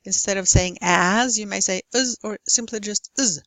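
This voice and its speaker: A woman teaching English pronunciation in a recorded lesson, speaking in a careful, deliberate way and stretching out example words. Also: medium pitch, a bit bright, dry recording, rough recording. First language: Norwegian. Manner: slow, careful, deliberate delivery with exaggerated model words.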